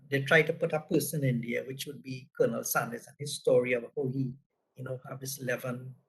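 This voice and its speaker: A man's voice: mid-range voice, gravelly, a bit bright, rough recording. A man from Trinidad with a Trinidadian accent, presenting a business lesson through casual anecdotes and tagging his points with "right?". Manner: conversational, frequent "right?" tags.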